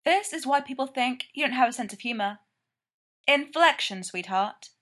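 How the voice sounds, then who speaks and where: A woman voicing an excitable, wisecracking male character who talks in quick, breathless bursts. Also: fairly high pitch. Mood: eager.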